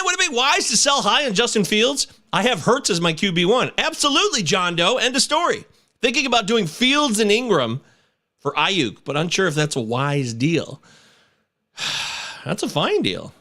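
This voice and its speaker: A man in his thirties hosting a casual sports podcast, animated and swearing, breaking into shouts and chants. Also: sits high, normal speed. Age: 30s. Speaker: podcast host.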